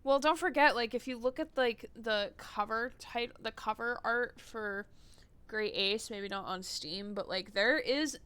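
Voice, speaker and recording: Giggly woman streamer with bright voice. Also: on the high side, measured pace, clean tone. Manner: giggly, scattered. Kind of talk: casual chat while playing a game. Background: game music.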